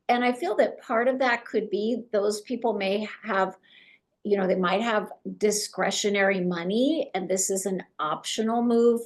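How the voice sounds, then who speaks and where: A middle-aged woman coaching real estate agents in an animated way, acting out conversations with clients. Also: mid-range voice.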